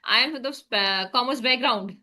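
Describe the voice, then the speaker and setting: A woman's voice: a little high, normal speed, pushed and bright. A young woman hosting a casual English conversation practice, chatty and often restarting her sentences.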